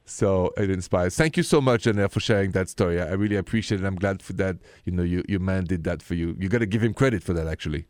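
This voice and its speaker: A man's voice: sits low, no room sound, studio quality. A man with a French accent hosting a late-night radio call-in show, chatty and openhearted. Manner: warm-hearted, chatty, repeats the phone number slowly. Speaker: radio host.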